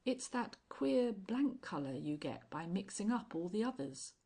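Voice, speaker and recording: A woman voicing a gentle wondering angel. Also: mid-range voice, very animated, measured pace, creaky, husky, full character voice. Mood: innocent wonder. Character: mild, innocent, puzzled male angel.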